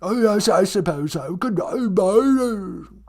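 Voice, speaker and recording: A man's voice: high voice, animated, slow pace, darkish tone, full character voice. A man voicing a whiny, self-pitying young English prince in a put-on English accent. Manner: plaintive, whining.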